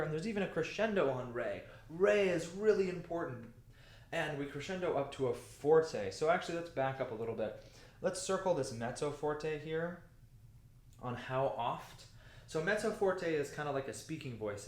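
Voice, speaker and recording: A man teaching the alto part of a choir piece, explaining the markings patiently and speaking the lyrics slowly. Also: a little high, reverberant. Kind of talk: music lesson walkthrough.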